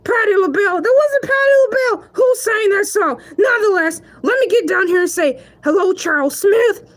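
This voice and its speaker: Hercules, a cocky shark who hosts his own live show, put on by a woman. His voice sits very high and quavers as he rants in mock outrage, then cracks up laughing. He boasts about himself and chats straight to his viewers. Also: lively intonation, moderate pace. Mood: chatty. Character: brash self-proud male shark show host. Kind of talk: live-stream comedy monologue.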